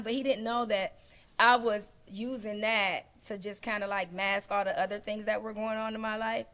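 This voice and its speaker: A woman speaking as a guest on a casual panel discussion, her pitch sitting right in the middle of the range. She tells her story with lively energy and acts out the voices of the people in it. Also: normal speed. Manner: animated storyteller who acts out dialogue.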